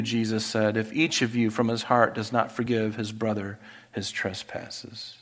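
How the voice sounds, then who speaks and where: A man's voice: little pitch movement, a little slow. Earnest male preacher in a reverberant hall. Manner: earnest preaching, rising loud and high reading scripture. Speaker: pastor. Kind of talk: sermon.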